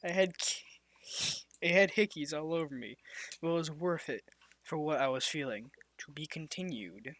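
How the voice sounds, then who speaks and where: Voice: medium pitch, normal speed, no echo. A reader giving a comedic reading of explicit fan fiction, stumbling over words and breaking into laughter. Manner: reads in a flat storytelling tone, now and then dropping to a whisper.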